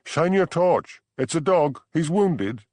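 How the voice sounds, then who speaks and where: A man voicing a frightened young honeymooning woman who speaks high and pleading. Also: sing-song, normal speed, breathy edge, dry recording.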